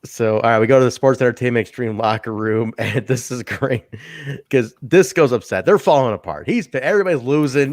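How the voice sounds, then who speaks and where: A man co-hosting a casual podcast chat, laughing often and acting out quotes in a high voice. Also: fairly quick, no room sound, clean studio sound. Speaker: podcast co-host.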